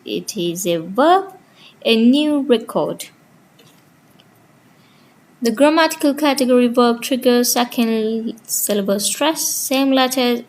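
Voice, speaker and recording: A woman's voice: medium pitch, a little hiss or hum, poor audio. A woman teaching linguistics in a casual lecture, walking through her slides point by point, with small grammar slips.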